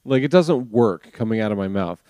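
A man's voice: lowish voice, animated, brisk, warm tone, no echo, clean studio sound. A man co-hosting a podcast in casual chat, laughing often and mimicking bits with a shifting voice. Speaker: podcast co-host.

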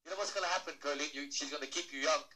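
A man with a bright, slightly high voice gives an animated stage talk to an audience. He teases the crowd, asks them questions, and acts out quick little voices to make his points. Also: poor audio. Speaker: motivational speaker.

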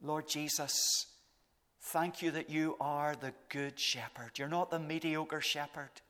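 Pastor guy preaching slow, kinda high voice, goes all hushed sometimes, big echoey church hall. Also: steady tone. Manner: slow, deliberate preaching that sinks to soft, hushed phrases. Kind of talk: sermon. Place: church service. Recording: long reverb of a large hall.

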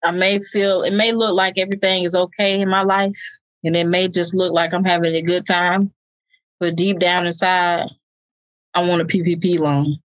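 A woman chatting casually on a podcast, telling animated stories and mimicking other people's voices. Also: on the low side, normal speed, no echo. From Georgia. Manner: animated storytelling, mimics voices, laughs often.

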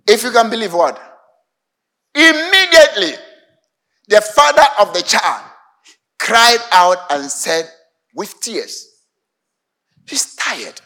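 A man's voice: sits high, sing-song, takes it slowly, pauses often, pushed and bright. A man with a Ghanaian English accent preaching a sermon as pastor, emphatic and stopping to have the congregation fill in the missing word.

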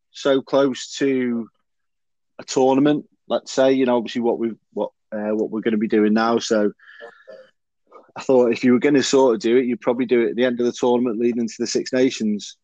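A man hosts a casual rugby chat, rambling along with plenty of ums and restarts. His voice sits at a middle pitch. The recording is dry and a bit dull and lo-fi. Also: darkish tone, no room sound. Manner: chatty, rambling, full of fillers and restarts. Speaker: podcast host.

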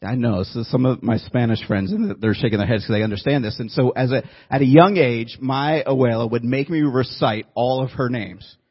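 A man's voice: medium pitch, normal speed, hardly any pauses, breathy edge, dull audio. A man preaching a sermon to a congregation, telling a story in a conversational way and joking with the room. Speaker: pastor. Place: church room before a congregation.

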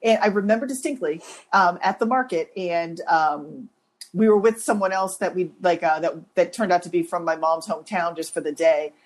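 A woman co-hosting a podcast, telling stories in a lively, self-deprecating way and laughing as she talks. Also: on the low side, moderate pace. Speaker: podcast co-host. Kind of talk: casual conversational storytelling.

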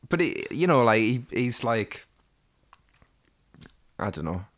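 A man's voice: mid-range voice, big pitch swings, slow, fairly bright tone. A man with a British accent chatting casually and crudely about a TV show, swearing and laughing often. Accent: British English. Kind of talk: casual chat reviewing a TV show.

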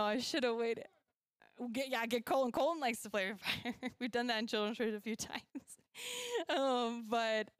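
A woman leads a relaxed Bible lesson for children in a church classroom, chatting and laughing as she catches her own slips. Her voice sits fairly high and comes across smooth and clear. The sound is dry and close. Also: no echo. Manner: chatty, laughs often, self-correcting. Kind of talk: casual Bible lesson with props.

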